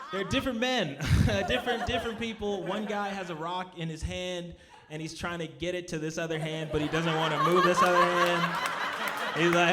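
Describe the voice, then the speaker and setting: Bright, high-voiced man telling a stage story. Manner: animated, acts out friends in loud high voices. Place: small cultural center stage before an audience.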